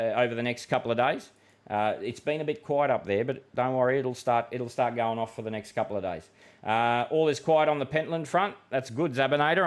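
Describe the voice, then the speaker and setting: Chatty Australian man hosting a weather livestream. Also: medium pitch. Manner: chatty and matey, with many fillers and restarts. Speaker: weather forecaster and livestream host. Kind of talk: casual livestream chat reading viewer comments.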